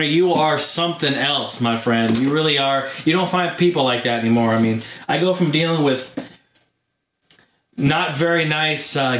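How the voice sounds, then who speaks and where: A man hosting his gaming channel, telling a story in a casual vlog monologue, animated and full of fillers. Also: mid-range voice, slight background noise. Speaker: YouTube gaming channel host. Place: home room. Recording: roomy echo.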